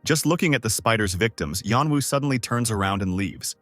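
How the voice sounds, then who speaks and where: A man narrating a comic story recap as scripted narration, voicing each character's lines by raising his pitch. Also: fairly quick, no room sound, soft background music. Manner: lively, voices characters with higher pitch.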